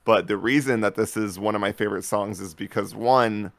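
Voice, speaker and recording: A man co-hosting a casual podcast, rambling through stories in an animated way and laughing often. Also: fairly low pitch, brisk, vocal fry, no echo. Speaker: podcast co-host. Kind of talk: casual chat.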